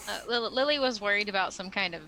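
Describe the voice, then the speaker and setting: A woman's voice: medium pitch, quick pace, sharp tone, low-quality recording. A woman playing a tabletop role-playing game, chatting casually and describing her character's actions in first person. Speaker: player.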